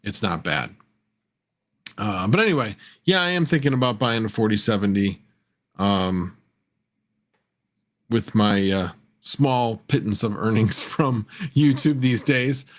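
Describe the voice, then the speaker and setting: A man with a somewhat low voice hosts a casual livestream. He rambles, restarts his sentences and chuckles often as he answers viewers' messages. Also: a little slow, long pauses. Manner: rambling, self-correcting, chuckles often, reads chat aloud. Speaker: livestream host.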